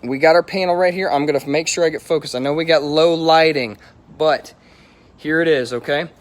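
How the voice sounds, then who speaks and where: A middle-aged man hosting a live stream, hyped and energetic, greeting viewers by name and repeating himself as he talks. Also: fairly high pitch, fairly quick. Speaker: auto detailer hosting a livestream.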